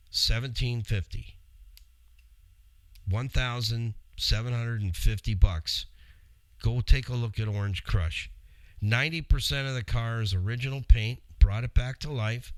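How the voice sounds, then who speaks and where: A middle-aged male radio show host tells a long, rambling story in a chatty way, addressing his listeners directly. His voice is medium-pitched, clear and resonant, and the recording is dry.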